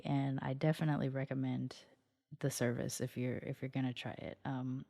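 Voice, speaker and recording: Solo podcast host, scratchy morning voice, mid pitch, chatty and meandering, dry close sound. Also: dark tone, dry recording. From United States. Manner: chatty and meandering, often circling back mid-sentence. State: scratchy voice from just waking up. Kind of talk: casual solo podcast monologue.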